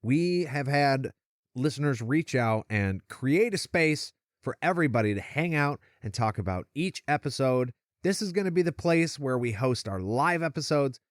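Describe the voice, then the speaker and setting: A man co-hosting a casual podcast, talking in an animated way and laughing often. His pitch swings widely around a middle level. The sound is dry and close to the mic. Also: normal speed, dry recording. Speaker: podcast co-host. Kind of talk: casual chat.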